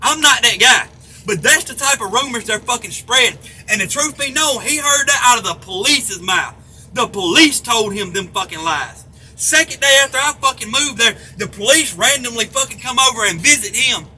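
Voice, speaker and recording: A man's voice: extremely high pitch, animated, moderate pace, bright, forceful tone. A middle-aged man, ranting angrily and profanely to the camera. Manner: heated, profane, repetitive. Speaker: vlogger. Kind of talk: angry rant to camera. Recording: faint background noise.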